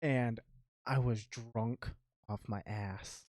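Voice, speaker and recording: A man's voice: medium pitch, fairly even intonation, takes it slowly, darkish tone, dry recording, clean studio sound. A young man co-hosting a podcast, telling stories in a laid-back way and laughing as he goes. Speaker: podcast co-host. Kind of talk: casual storytelling.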